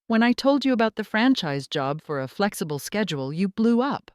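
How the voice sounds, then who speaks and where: A woman voicing a calm, reserved middle-aged husband. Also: mid-range voice, dry recording, clean studio sound, natural voice. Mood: composed. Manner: measured, gentle, composed.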